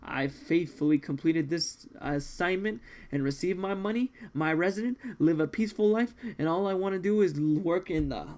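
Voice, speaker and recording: A man's voice: a little high, normal speed, hardly any pauses, darkish tone, lightly acted. A man voicing a weary, proud exiled assassin in a manga read-along, speaking in a grave, formal way. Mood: grim.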